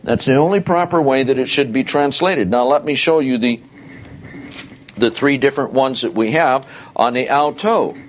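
A man teaching a Bible study, reading verses aloud and repeating key words with deliberate stress. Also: medium pitch, slight background noise.

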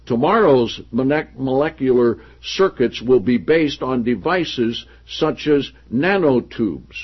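A man preaching a sermon who reads passages from a book aloud and then comments on them in a lower voice. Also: expressive, slow pace, husky. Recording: dull lo-fi recording.

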